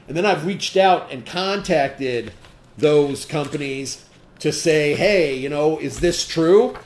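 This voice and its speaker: A sales trainer, his voice a bit higher than most men's, runs a session for distributors. He speaks emphatically, fires off rhetorical questions and checks in repeatedly with "okay?". The audio echoes as though in a roomy space.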